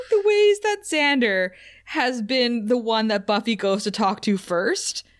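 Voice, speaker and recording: A woman's voice: a little high, lively intonation, slow pace. A woman co-hosting a podcast, chatting casually about a TV episode in a wry, joking way and laughing often. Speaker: podcast co-host. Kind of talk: casual chat recapping a TV episode.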